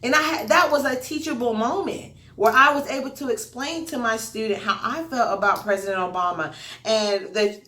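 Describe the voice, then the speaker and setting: A woman tells stories from her online teaching in a casual, animated vlog voice. She chats straight to her viewers as if they were friends. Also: mid-range voice. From United States. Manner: animated, chatty, addresses viewers directly.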